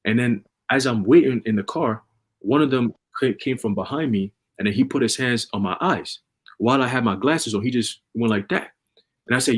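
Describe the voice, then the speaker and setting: A man casually preaching and telling a story on a religious livestream, with energetic, repetitive street talk full of slang. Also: medium pitch, moderate pace, slightly rough.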